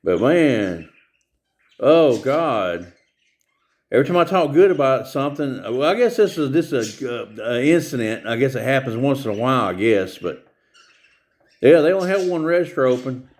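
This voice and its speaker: A man's voice: medium pitch, big pitch swings, moderate pace. A man vlogging a casual rant about a store visit, rambling and repetitive, with many hesitations.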